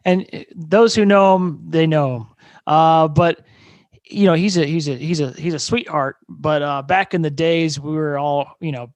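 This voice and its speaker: A rock guitarist from Fort Wayne, Indiana, talks on a podcast in a gravelly, slightly high voice. He rambles through band stories, laughing often and swearing casually. The sound is close and dry. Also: dry recording. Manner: rambling storyteller, laughs often, loose and profane.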